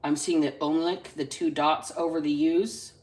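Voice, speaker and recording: A woman hosting a casual live-stream reading into a phone, chatty and salty, stretching out single words between quick asides. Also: deep voice, fairly even intonation, a little mellow. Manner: chatty, drawls single words then talks fast. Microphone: phone camera.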